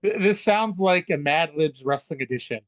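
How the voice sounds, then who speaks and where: A man co-hosting a casual wrestling podcast, chatty and loose, with frequent stammered restarts and offhand swearing. His voice sits a bit high for a man. It is recorded close and dry on a podcast mic. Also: lively intonation, moderate pace, no room sound. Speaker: podcast co-host. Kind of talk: casual wrestling recap chat.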